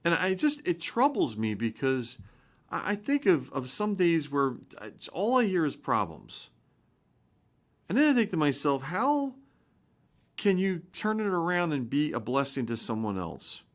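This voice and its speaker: A man's voice: on the high side, wildly swooping pitch, unhurried. A man in his fifties, a pastor giving an informal spoken sermon, earnest and rambling, with frequent restarts and rising emphasis. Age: 50s.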